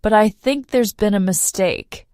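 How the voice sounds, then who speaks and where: A woman's voice: mid-range voice, unhurried, darkish tone, clear, resonant tone, no echo, clean studio sound, close to an everyday voice. Woman reading a polite flight attendant. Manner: polite, explaining.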